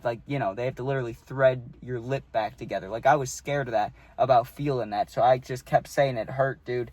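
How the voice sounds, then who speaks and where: A man's voice: medium pitch, fairly quick, darkish tone, no echo. A young man telling a childhood story casually, rambling and tagging lines with "right?" and "dude".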